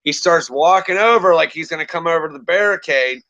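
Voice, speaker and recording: A man's voice: a little high, brisk, bright, forceful tone, muffled recording. A man in a casual chat, telling a laid-back, profane story.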